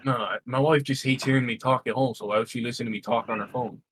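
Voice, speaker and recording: A man co-hosting a podcast, telling a family story in a casual, animated way with lots of fillers and swearing. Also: mid-range voice, fast talker, low-quality recording. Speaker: podcast co-host. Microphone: game console headset. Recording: faint noise, home recording.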